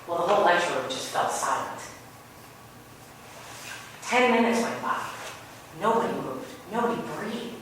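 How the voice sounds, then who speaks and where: A woman's voice: mid-range voice, lively intonation, moderate pace, long pauses, fairly bright tone. Woman preaching from far off in a very echoey hall. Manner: conversational storytelling. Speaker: spiritual speaker. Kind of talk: sermon. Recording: very echoey room, voice far from mic, ambient noise.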